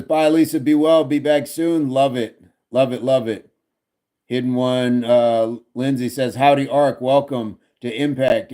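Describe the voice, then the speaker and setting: A man's voice: medium pitch, darkish tone. A man casually hosting a fitness livestream, joking and laughing as he reads chat comments aloud.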